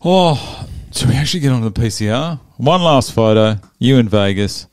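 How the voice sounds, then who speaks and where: A man's voice: mid-range voice, animated, moderate pace, a little mellow, no echo, clean studio sound. A man hosting a casual interview, blunt, swearing freely and drifting off topic. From Australia. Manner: blunt, swears often, easily sidetracked. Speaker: podcast host.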